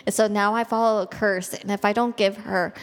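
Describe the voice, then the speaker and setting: A woman's voice: medium pitch, fairly even intonation, a little fast, big-room sound. A woman co-hosting a podcast, blunt and giggly, swearing freely in casual chat. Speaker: podcast co-host.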